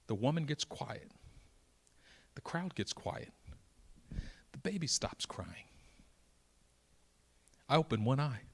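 A man preaching a sermon, telling a story with dramatic swings from soft whispers to loud, high-pitched outbursts. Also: breathy edge.

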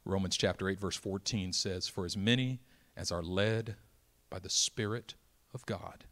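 A man delivering a sermon with a bright, forceful edge to his voice. He tells his story dramatically, sinking to hushed whispers at one moment and rising to loud, excited exclamations the next. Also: sits low, measured pace. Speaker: preacher.

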